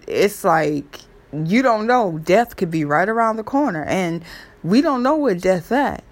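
A woman casually retelling a story in a rambling, chatty way, with many fillers and restarts. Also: medium pitch. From New York area. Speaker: true crime vlogger.

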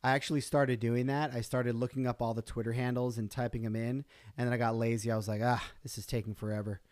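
A man's voice: medium pitch, flat delivery, fast, a little mellow, no echo, clean studio sound. A man hosting his own podcast on a live stream, talking casually and rambling with fillers and restarts. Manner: rambling, chatty, self-interrupting with fillers. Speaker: podcast host.

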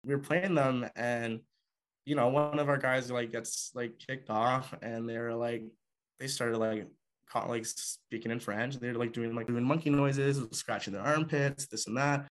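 A young man from Canada tells a personal story from his hockey years. He talks loosely and conversationally, with plenty of filler words. His voice sits at an ordinary middle pitch for a man. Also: steady tone, a little slow. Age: young adult. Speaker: former hockey player.

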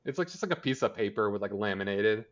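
Podcast co-host, male, lowish voice, chatty and sarcastic, dull lo-fi sound. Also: animated. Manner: chatty, sarcastic, acts out characters' lines in quick impressions. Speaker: podcast co-host recapping a TV episode. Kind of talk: casual chat.

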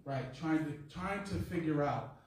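A man's voice: fairly high pitch, unhurried, a little mellow, a little hiss or hum. Echoey, far-off preacher, a man. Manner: conversational preaching with call-and-response and rising emphasis. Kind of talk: sermon. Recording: echoey room, mic far off.

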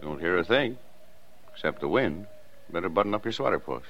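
A fond, gently teasing father. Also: low-pitched, animated, brisk. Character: patient, fond small-town dad. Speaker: father in radio play. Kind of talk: 1940s radio acting. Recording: dull, hissy 1940s radio broadcast.

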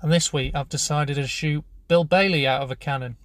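A man hosting a comedy show in a rambling, deadpan monologue full of restarts. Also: fairly high pitch, fairly quick.

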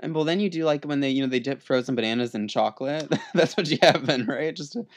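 A man co-hosting a casual podcast, with a voice of middling pitch. He teases his co-host and laughs often. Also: fast. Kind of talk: casual chat.

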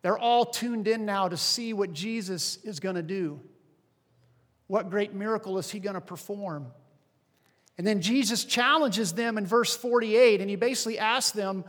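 A male pastor preaching a sermon with animated, rising and falling emphasis. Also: high-pitched, moderate pace, big-room sound.

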